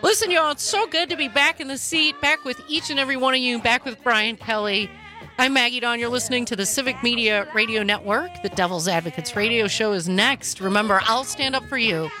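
A woman hosting political talk radio, speaking in a brisk, emphatic, opinionated way into a studio microphone. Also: a little high, sharp tone, soft background music. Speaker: radio talk show host.

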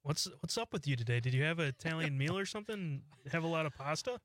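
A man's voice: a little high, animated, quick pace, a bit bright, no room sound. A man co-hosting a radio show, teasing the host and laughing in casual studio banter.

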